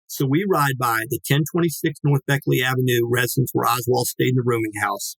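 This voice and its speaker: A man's voice: medium pitch, quick pace, creaky, hardly any pauses, husky, dry recording, poor audio. Man in his sixties telling a story. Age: 60s. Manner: lively, acts out quoted dialogue, swears casually. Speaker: guest. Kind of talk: casual anecdotal storytelling.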